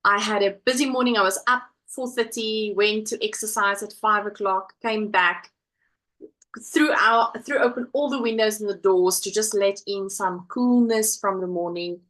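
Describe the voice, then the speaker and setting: A woman's voice: mid-range voice, moderate pace, a bit bright, low-quality recording. Chatty woman hosting a live stream. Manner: chatty, reads viewer comments aloud. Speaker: livestream host. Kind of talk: casual live-stream chat. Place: home crafting live-stream.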